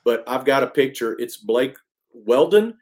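Animated man telling stories. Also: mid-range voice, measured pace. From East Texas. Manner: animated, emphatic storyteller with many restarts. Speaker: interview guest, country singer. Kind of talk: casual storytelling.

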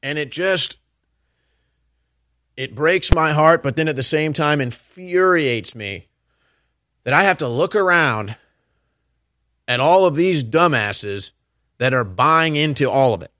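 A man pours out a heated monologue as a commentary host, his tone bright and pushing. The sound is dry and close to the mic. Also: fairly high pitch, lively intonation, slow pace, long pauses, no echo. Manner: heated, ranting, addresses listeners as folks and man. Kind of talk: impassioned political monologue.

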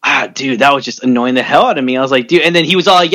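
A man co-hosting a casual chat about reality television, excitable and profane, often mimicking the people he talks about. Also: mid-range voice, fast talker. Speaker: podcast co-host.

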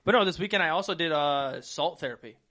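A man co-hosting a podcast, telling crude stories in loud, swearing, animated casual banter, and coughing. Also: a little high, quick pace. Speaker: podcast co-host.

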